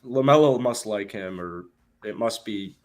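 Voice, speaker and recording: A man's voice: on the low side, a little slow. A young man co-hosting a casual talk show, giving blunt, laid-back reactions. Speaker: co-host. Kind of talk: casual chat.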